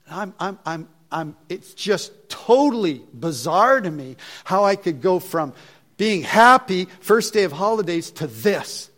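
Animated preacher telling a story. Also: male voice, a little high. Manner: animated, acts out his own thoughts, drops to hushed asides. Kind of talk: storytelling sermon.

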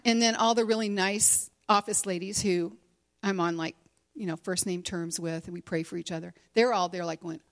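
A woman's voice: mid-range voice, brisk. A middle-aged woman speaking candidly to a women's gathering, sharing a personal testimony in a conversational way with many fillers. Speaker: conference speaker and teacher.

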